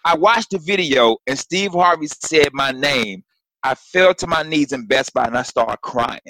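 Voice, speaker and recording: A man who works as a stand-up comedian, telling a story in casual chat with lively acted-out quotes and frequent swearing, on a home video call. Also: fairly high pitch, a little slow, dry recording, poor audio. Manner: animated storyteller, swears freely, acts out quotes.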